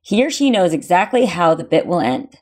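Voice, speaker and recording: A woman co-host reads a book chapter aloud at an even, steady pace. Her voice sits a little low. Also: fairly quick.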